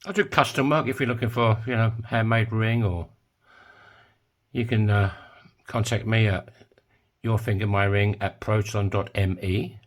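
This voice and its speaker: A man's voice: lowish voice, fairly even intonation, normal speed. A man talking casually while making a coin ring in his workshop, full of joking, rambling asides. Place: home workshop.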